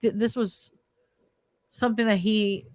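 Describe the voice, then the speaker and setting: A woman's voice: medium pitch, steady tone, a little slow, dry recording, clean studio sound. A woman co-hosting a casual podcast chat, relaying details in a chatty way with fillers.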